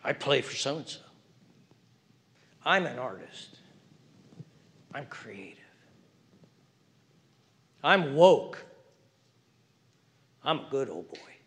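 A male pastor preaching a sermon, alternating emphatic raised calls with hushed, whispered passages. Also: medium pitch, very animated, extremely slow, long pauses.

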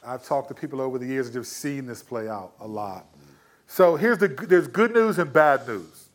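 A man's voice: mid-range voice, expressive, normal speed. A man hosting a faith talk show, casually giving Bible advice with easygoing slang and frequent chuckles. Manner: laid-back and slangy, chuckles often, many restarts. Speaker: Christian podcast host answering questions.

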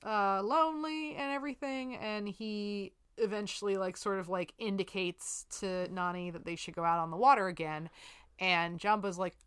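A woman's voice: mid-range voice, fairly bright tone, smooth. A woman co-hosting a podcast in casual chat, easygoing and dry, laughing along. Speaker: podcast co-host.

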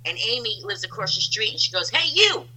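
A woman, a guest telling loud, animated stories in casual chat over a phone line. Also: medium pitch, fast, breathy edge.

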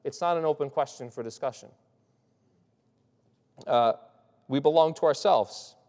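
A man's voice: fairly high pitch, measured pace, a little mellow. Man preaching in a reverberant hall. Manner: loose, restarts often, asks "right?". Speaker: pastor. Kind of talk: conversational sermon.

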